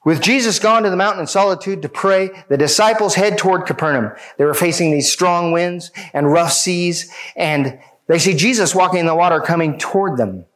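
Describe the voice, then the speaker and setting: High-voiced man preaching emphatically. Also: moderate pace, fairly bright tone. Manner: emphatic, addresses listeners directly. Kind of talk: sermon.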